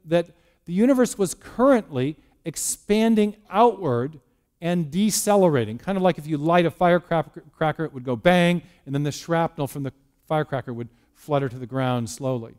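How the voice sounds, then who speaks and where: A man's voice: a little high, lively intonation, moderate pace, darkish tone. A man giving a lecture on science and faith in a church, telling it as a story with restarts and rhetorical questions. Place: church hall.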